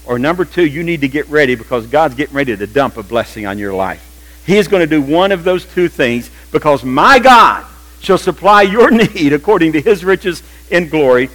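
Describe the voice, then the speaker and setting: Older pastor preaching with humor. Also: male voice, on the high side, normal speed, rough recording. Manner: humorous, animated preaching with acted quotes. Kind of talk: sermon. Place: church.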